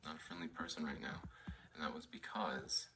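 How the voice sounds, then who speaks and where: A man's voice: rumbling low, fairly even intonation, a little fast, bright, forceful tone, a little hiss or hum. A man hosting a casual podcast, rambling and swearing as he rants and tells a story. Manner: profane, rambling, worked-up ranting. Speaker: podcast host. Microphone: studio monitors and headphones.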